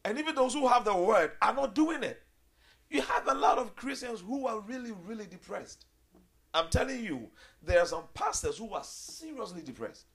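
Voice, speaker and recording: A man preaching a sermon, animated, swinging between loud high outbursts and low quiet stretches. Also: slightly rough. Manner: animated, acts out quoted voices with big jumps in pitch.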